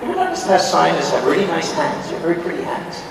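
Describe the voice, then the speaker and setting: A man's voice: a little high, wildly swooping pitch, quick pace, creaky. A middle-aged man teasing fans playfully as a guest on a convention panel. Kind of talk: joking Q&A with fans. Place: huge convention hall. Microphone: handheld mic, filmed from far in the audience. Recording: echoey hall recorded from far off. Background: crowd laughter, noise.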